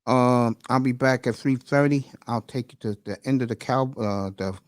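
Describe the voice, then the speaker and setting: A man's voice: medium pitch, normal speed, no echo. A man hosting a casual live stream, rambling and emotional, calling his listeners bro and folks. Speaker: livestream host. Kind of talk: casual livestream chat.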